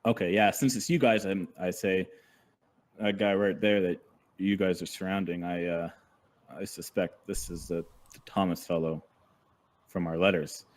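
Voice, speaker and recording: A man plays in a tabletop game, hesitant and thinking aloud as he speaks in character. His voice is very low and deep. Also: steady tone, moderate pace. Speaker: player.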